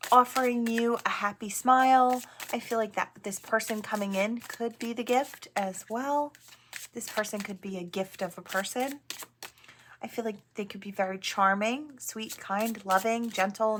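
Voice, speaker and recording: A woman giving a casual tarot reading to viewers, musing aloud in a chatty way with soft asides. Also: on the high side, a little hiss or hum. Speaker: tarot reader.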